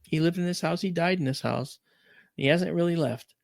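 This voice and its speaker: A woman's voice: on the low side, normal speed, vocal fry, a little mellow, no room sound, studio quality, voice pushed up. Man playing his firm old grandmother. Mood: matter-of-fact. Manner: matter-of-fact, firm. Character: stubborn, sharp-witted old grandmother, bedridden but fearless.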